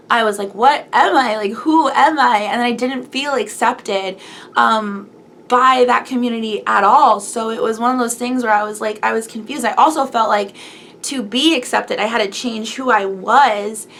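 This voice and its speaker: Young woman vlogger, gravelly voice, teary confessional talk, faint hiss behind. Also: fairly high pitch, normal speed, fairly bright tone. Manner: emotional, tearful, rambling with many likes. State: close to tears. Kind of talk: personal confessional vlog.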